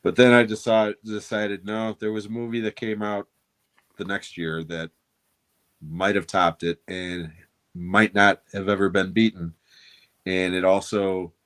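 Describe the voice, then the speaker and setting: Guy with a lower voice hyping up a movie on a podcast, swears casually. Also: fairly bright tone. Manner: enthusiastic storyteller, casual swearing. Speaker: podcast co-host. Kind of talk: casual chat.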